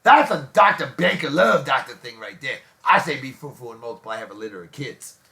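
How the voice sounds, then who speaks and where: A man's voice: mid-range voice, animated, brisk, sharp tone. Effusive jokey man hosting a show. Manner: effusive and jokey, gushing praise for friends. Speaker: host of a daily beer and music show. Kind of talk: casual chat with shout-outs.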